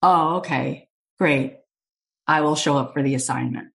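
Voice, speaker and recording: A woman's voice: deep voice, measured pace, creaky. A woman voicing a humble, startled woman who answers in a polite, incredulous way. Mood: accepting. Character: humble, startled woman being offered a show.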